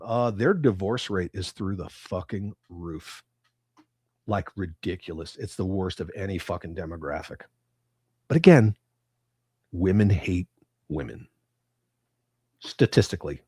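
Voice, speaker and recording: Profane, animated male livestream host. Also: lowish voice, slow pace, long pauses, breathy edge, no echo, clean studio sound. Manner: crude, profane, animated banter. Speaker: livestream host reading chat. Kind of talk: casual livestream chat.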